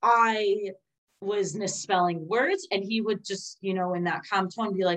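A woman's voice: medium pitch, steady tone, a little slow, low-quality recording. A young woman in casual conversation, co-hosting and candidly telling stories from her childhood, laughing at times.

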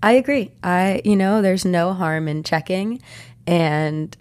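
A young woman co-hosting a podcast in casual chat, hoarse from laryngitis, giggly and animated as she tells stories. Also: lowish voice, takes it slowly, dry recording, studio quality. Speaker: podcast co-host.

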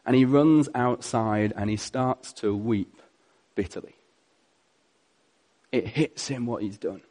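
A man's voice: mid-range voice, takes it slowly. Earnest man preaching a sermon. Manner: earnest, storytelling, swings between loud and hushed.

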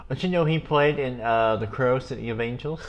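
A man's voice: mid-range voice, brisk, lo-fi sound. Chill guy on a podcast, mid voice, asks stuff and goes right right. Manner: easygoing, asks questions, brief agreeing replies. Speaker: podcast co-host. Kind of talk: casual chat.

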